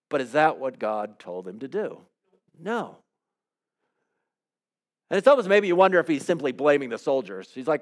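A man's voice: on the high side, sing-song, fairly quick. A man preaching a sermon, retelling a story with rhetorical questions and acted-out quotes. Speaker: pastor.

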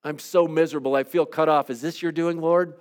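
A man leading a devotional, praying aloud in an earnest, pleading way with soft, hushed trailing endings, then teaching calmly. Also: on the high side, fairly quick, clean tone. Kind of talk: reflective spoken prayer and teaching.

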